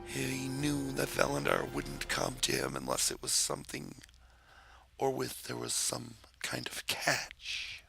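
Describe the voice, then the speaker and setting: A man reading out a fantasy role-play story in an unhurried, theatrical way. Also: mid-range voice, big pitch swings, gravelly, bright, forceful tone, faint music behind.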